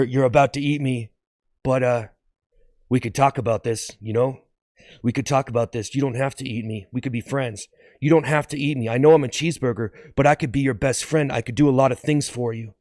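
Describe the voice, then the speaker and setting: A man's voice: medium pitch, a little mellow, dry recording, clean studio sound, close to an everyday voice. A man voicing a male cheeseburger who pleads and bargains not to be eaten in an improvised sketch.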